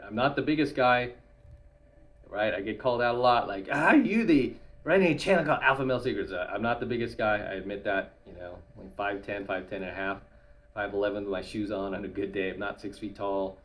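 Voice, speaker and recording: A man's voice: fairly low pitch, fairly even intonation, fairly quick, fairly bright tone. Blunt man vlogging, ending lines with "right?". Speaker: YouTuber and dating coach. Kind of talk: casual monologue to camera.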